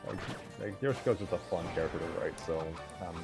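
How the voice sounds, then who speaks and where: A man with a fairly low voice hosts a casual livestream chat. He rambles and pokes fun at himself as he talks about his writing. Music plays clearly in the background. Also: brisk. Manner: rambling, self-deprecating. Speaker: host and story writer.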